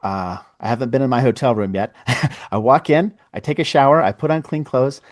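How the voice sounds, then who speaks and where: A man's voice: mid-range voice, normal speed. A man who is a podcast guest, telling a long story in casual conversation. He laughs often and acts out the dialogue of the people in it.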